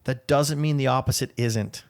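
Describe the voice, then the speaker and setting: Man, podcast co-host, gravelly, casual chat, swears freely. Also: medium pitch, steady tone, normal speed. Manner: earnest then joking, swears freely.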